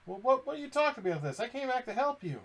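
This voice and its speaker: A man's voice: very high voice, sing-song, fast talker, fairly bright tone, pitched above the performer's own voice, full character voice. A man voicing an earnest young male diver who stammers and pleads. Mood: flustered.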